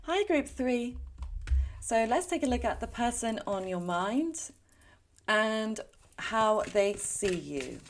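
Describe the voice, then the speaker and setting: A woman's voice: a little high, lively intonation, slow pace, a little hiss or hum. Chatty woman giving a tarot reading. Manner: chatty, rambling, with frequent fillers and self-corrections. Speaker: tarot reader. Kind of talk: casual pick-a-card tarot reading.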